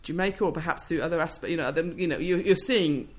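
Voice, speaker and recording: A woman with a low-pitched voice, a speech researcher explaining her work in an interview, thoughtful and fluent with frequent restarts. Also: quick pace. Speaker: speech scientist guest.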